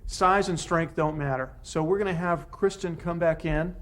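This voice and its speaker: Guy running a self defense class, bit higher voice, keeps saying good, do it again. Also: normal speed, fairly bright tone. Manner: coaching, short commands with encouragement. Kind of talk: hands-on class instruction.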